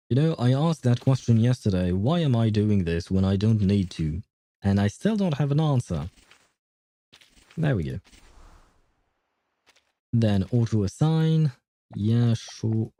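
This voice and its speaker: A man streaming a game, chatting casually, laughing often and filling pauses with hesitant "uh"s. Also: lowish voice, warm tone. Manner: reads and answers chat aloud. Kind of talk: casual live-stream chat while playing.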